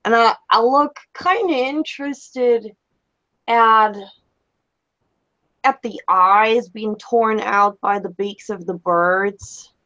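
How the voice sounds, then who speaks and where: A woman playing a tabletop role-play game, describing her character in a halting, dreamy way with many restarts. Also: a little high, bright, forceful tone, dull audio. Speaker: player.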